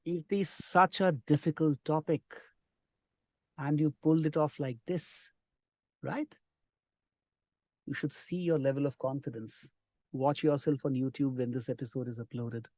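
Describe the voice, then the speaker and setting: A middle-aged man, teaching an online spoken class with lively, encouraging emphasis. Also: fairly high pitch, no room sound, studio quality. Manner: lively, encouraging, lots of emphasis and drawn-out words. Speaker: English communication trainer.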